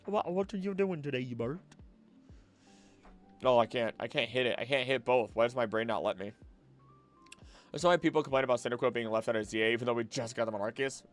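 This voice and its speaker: A man's voice: mid-range voice, fairly even intonation, fast, soft background music. Rambling man chatting on a late-night stream. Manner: rambling, easily distracted, musing aloud with many restarts.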